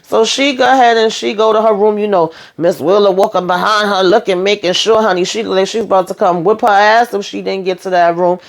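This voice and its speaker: A woman giving a casual, blunt and expressive recap of a TV episode, often speaking directly to her viewers. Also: mid-range voice, a little fast, few pauses. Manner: sassy, blunt and expressive, with frequent asides to viewers. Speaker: TV recap vlogger.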